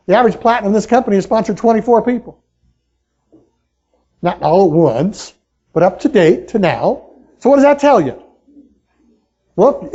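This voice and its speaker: A man speaking as a motivational speaker at a sales meeting, talking excitedly and pushing the crowd with questions in a live seminar talk. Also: high-pitched, slightly rough, muffled recording. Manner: excitable, pushy, talks straight to the crowd with questions.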